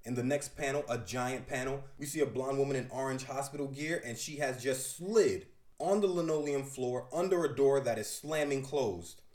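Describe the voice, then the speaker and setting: A man's voice: medium pitch, moderate pace, a little mellow, reverberant. A man reviewing a comic book, describing each panel aloud in detail and with enthusiasm.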